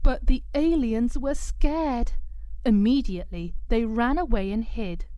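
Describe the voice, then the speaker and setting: A woman narrating a children's story aloud in a gentle, expressive way. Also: a little high, measured pace, dry recording.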